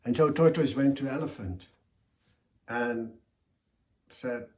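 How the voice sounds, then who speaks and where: A man telling a folk tale in a slow, deliberate, expressive way. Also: mid-range voice. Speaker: storyteller. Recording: echoey room.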